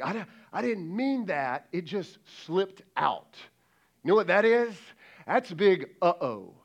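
A man preaching a sermon as lead pastor, talking in a conversational, emphatic way and acting out quoted dialogue. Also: mid-range voice.

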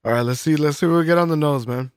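A man's voice: on the high side, rapid-fire, no echo, studio quality. A man co-hosting a podcast, chatting casually and tasting beer, laid-back and swearing freely. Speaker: podcast co-host.

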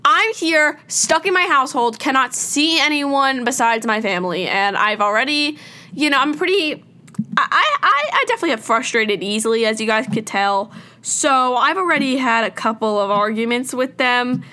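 High, bright exasperated teen girl. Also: expressive, moderate pace. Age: teens. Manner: dramatic, exasperated, filler-heavy valley-girl talk. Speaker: vlogger. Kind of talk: casual rant to camera. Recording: crackly noise.

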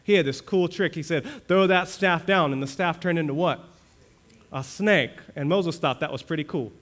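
A male pastor preaching a sermon, asking the congregation questions and building to fervent high points. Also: moderate pace, fairly bright tone. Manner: preaching with rising fervor, rhetorical questions to the congregation.

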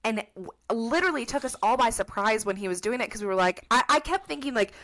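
A young adult woman from Colorado co-hosts a podcast, chatting in an upbeat, casual way and constantly saying "like" and "literally." Her voice is a little high, fairly bright, expressive, and fast.

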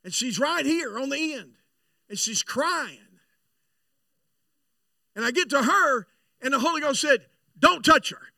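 A high-voiced man with a gravelly edge and a bright, sharp tone, preaching a revival sermon. He moves from joking storytelling to fervent shouting. The sound is dry and heard from a little away from the mic. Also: animated, unhurried, long pauses, no echo, far from the mic. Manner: builds from chatty storytelling to loud shouting. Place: church sanctuary.

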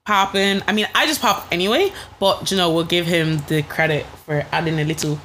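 Young woman, podcast host, loud and teasing, slangy banter, faint background noise. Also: fairly low pitch, fairly quick. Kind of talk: casual chat.

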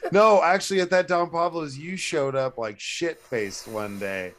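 A man's voice: fairly high pitch, unhurried, fairly bright tone, a little hiss or hum. Laughing man in loose joking banter. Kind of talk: casual chat.

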